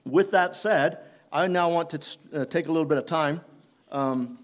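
A man preaching a sermon in church, unhurried and halting, often restarting his phrases. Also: fairly high pitch. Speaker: pastor.

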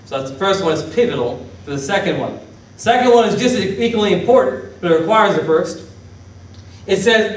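A man preaching as pastor, lively, questioning his congregation and acting out Bible figures. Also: high voice, fairly quick. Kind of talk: sermon. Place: church sanctuary. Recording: echoey church hall from a distance.

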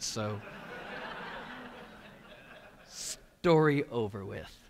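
A man's voice: on the high side, a bit bright. A middle-aged male pastor preaching a sermon in a conversational way, acting out quoted voices and restarting words as he goes.

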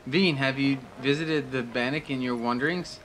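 A man's voice: mid-range voice, moderate pace, a bit bright, a little hiss or hum, lightly acted, rough recording. A man reading out a courteous quest giver's formal instructions. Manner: formal, explanatory.

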